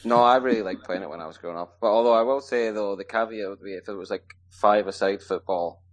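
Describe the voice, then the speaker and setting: A man with a very low, deep voice talks in an easy, meandering way. He chats as a podcast guest and leans on lots of "you know" and "sort of". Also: fast. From Scotland. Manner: relaxed, rambling, lots of fillers. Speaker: guest ice hockey player. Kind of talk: casual podcast interview.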